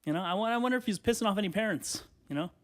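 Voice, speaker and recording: Young male podcast host, twenties, profane animated solo rant, slightly high voice. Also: racing. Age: 20s.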